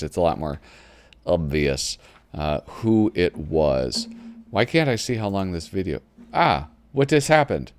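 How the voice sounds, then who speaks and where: A man chatting casually as he leafs through an old magazine, easily sidetracked and quick to giggle. His voice is lowish but swings up and down a lot. The recording is close and dry. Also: darkish tone, dry recording. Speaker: host. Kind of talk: casual commentary while flipping through a magazine. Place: home computer desk.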